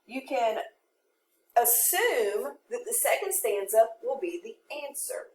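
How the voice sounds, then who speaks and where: Woman teacher, unhurried classroom delivery, recorded from far off with faint background hiss. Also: on the high side, big pitch swings, darkish tone. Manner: explains step by step, quotes verse aloud. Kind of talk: classroom poetry lesson. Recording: echoey room from a distance, faint noise.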